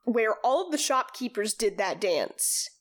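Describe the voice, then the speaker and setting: A woman's voice: on the high side, lively intonation, unhurried. A woman co-hosting a casual chat, teasing her co-host and drifting off on tangents. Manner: teasing, chatty, drifts off topic. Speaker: podcast co-host.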